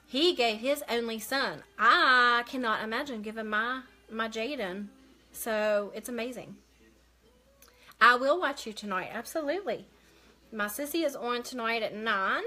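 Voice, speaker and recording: A woman's voice: fairly high pitch, moderate pace, pushed and bright. A woman hosting a casual live makeup stream, chatting as she works and answering viewer comments aloud.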